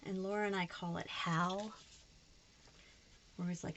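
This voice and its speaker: A woman's voice: lowish voice, steady tone, a little slow, long pauses, a bit bright, highs cut off, slight background noise. A woman chatting casually to camera while she decorates her planner, frank and a little frustrated. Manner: chatty, frustrated, slips into put-on voices. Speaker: planner vlogger.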